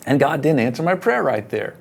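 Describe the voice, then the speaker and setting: A middle-aged man, a pastor, telling personal stories in an earnest, casual conversation, getting animated when he quotes himself. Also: fairly high pitch, fairly quick, creaky. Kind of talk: casual conversation about faith.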